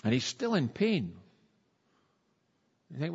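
A man delivers a sermon in a chatty, animated way, acting out the voices in the stories he tells. His voice sits a bit high. The sound is dull and lo-fi, with a long church-hall reverb. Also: normal speed. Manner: conversational, animated storytelling with acted-out quotes. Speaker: preacher.

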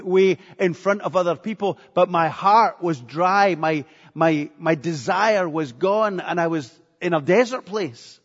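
A man preaching a sermon with earnestness, repeating phrases for emphasis. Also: sits high. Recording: echoey hall, dull lo-fi sound.

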